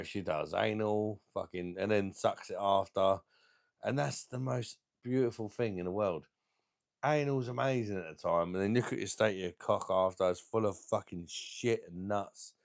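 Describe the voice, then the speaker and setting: A man with a very low, gravelly voice, talking to his live-stream viewers while he reviews beers. He rambles crudely, stops often with ums, and jokes around casually. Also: normal speed.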